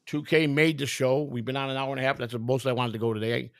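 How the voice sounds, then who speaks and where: A man's voice: medium pitch, flat delivery, fast, fairly bright tone, no echo, studio quality. A man hosting a livestream, telling stories in casual chat in a blunt, profane, emphatic way and acting out other people's lines. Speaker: livestream host.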